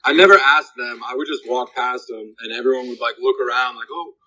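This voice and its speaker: Bright-voiced man, halting casual talk. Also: mid-range voice, steady tone, low-quality recording. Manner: hesitant, many fillers and restarts. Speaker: guest speaker. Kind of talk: casual group voice chat.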